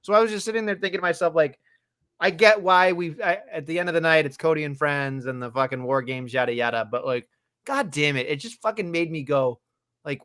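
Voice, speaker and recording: A man's voice: fairly high pitch, a little fast, a bit bright. A man co-hosting a casual wrestling podcast, talking in an exasperated, profane way. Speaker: podcast co-host.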